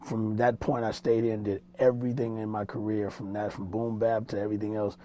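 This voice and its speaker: A man's voice: fairly low pitch, level tone, brisk, mellow. A man, a music producer and mix engineer, telling stories in a casual interview in a small studio room, loose and rambling, with street slang and restarts.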